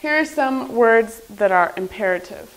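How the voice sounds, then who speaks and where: A woman teaching an English class to adult learners, speaking slowly and emphatically. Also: medium pitch, low-quality recording. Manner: animated, slow, emphatic classroom delivery.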